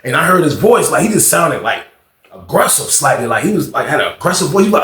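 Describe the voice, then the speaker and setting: Fast-talking and fairly high-pitched, this man has a slightly bright voice with big pitch swings. He tells a casual, slangy story, frequently tossing in "you know what I mean," with roomy echo in the audio.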